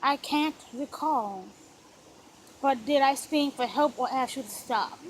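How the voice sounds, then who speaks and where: Storybook heroine: young wife, tender, soft-spoken, voiced by a woman reader. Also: sits high, measured pace, a little hiss or hum, poor audio.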